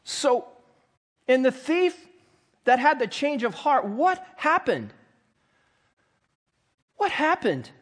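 A man's voice: very high-pitched, very animated, slow, long pauses. A man preaching as pastor in a church, reading scripture aloud and dramatizing the mockers' taunts with rising intensity. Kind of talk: sermon.

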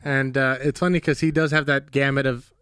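A man's voice: mid-range voice, level tone, brisk, a bit bright, clean tone, no echo, studio quality. A man co-hosting a podcast, chatting casually about a movie, laid-back and joking, playfully dramatic.

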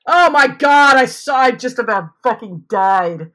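A woman co-hosting a podcast in casual chat, a loud, excitable storyteller who swears freely. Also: on the high side, unhurried. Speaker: podcast co-host.

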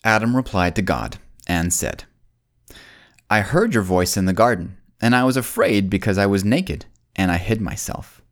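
A man narrating a Bible story for children, folksy and speaking straight to the kids, slowing down and dropping his voice on solemn points. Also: lively intonation. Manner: slows down and drops low on solemn points.

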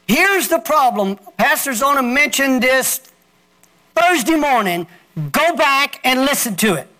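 Pastor guy preaching, high bright voice, takes his time, gets the church to say stuff back. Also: lively intonation, unhurried. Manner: preaching with call-and-response to the congregation. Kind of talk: sermon.

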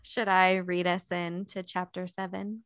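An upbeat woman co-hosts a podcast, laughing often as she chats and reads aloud from a book. Her tone is bright and forward. The sound is dry. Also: on the low side, flat delivery, measured pace, clear, resonant tone, dry recording. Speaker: podcast co-host. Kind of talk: casual chat and reading aloud.

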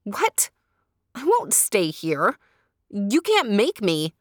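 A woman's voice: a little high, slow, gravelly, dry recording, studio quality, voice pushed up, heavily acted. A woman voicing a headstrong young girl who cries out eagerly in a storybook tale. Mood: indignant. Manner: excited, cries out.

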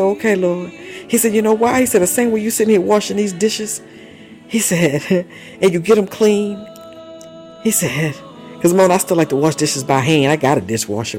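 A man with a high, darkish voice preaches a fiery, emotional sermon, exhorting his listeners, laughing often, and breaking into tongues between lines.

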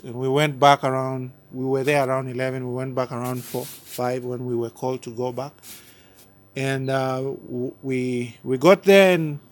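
A man from Uganda, a pastor giving his personal testimony in an interview, speaking earnestly and often repeating or restarting his words. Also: medium pitch.

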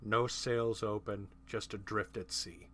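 Male host for a casual movie podcast; talks in an animated, chatty way and laughs easily. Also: on the low side, unhurried, a little hiss or hum. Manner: animated, laughing, profane asides. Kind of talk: casual film discussion.

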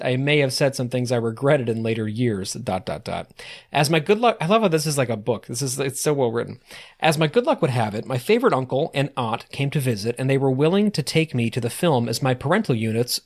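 A man co-hosting a casual podcast in an easygoing way, reading listener essays aloud. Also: mid-range voice. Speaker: podcast co-host. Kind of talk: casual fan podcast chat.

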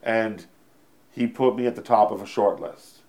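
A Canadian stand-up comedian telling a story in an interview, rambling, swearing freely and correcting himself mid-sentence. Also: male voice, lowish voice, normal speed, darkish tone.

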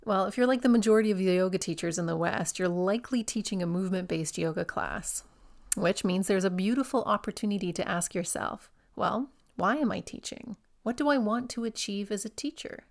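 A woman's voice: medium pitch, a little fast, vocal fry. Encouraging woman hosting a yoga-teacher podcast. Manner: warm, encouraging, asks the listener questions. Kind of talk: reflective solo podcast talk.

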